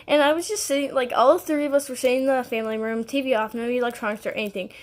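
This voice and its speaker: A young woman vlogs straight to her viewers, telling a story in a loose, rambling way. Her voice sits a little high, and she fills it with "like," "um" and small giggles. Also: steady tone, quick pace. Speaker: vlogger. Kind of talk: casual storytelling to camera.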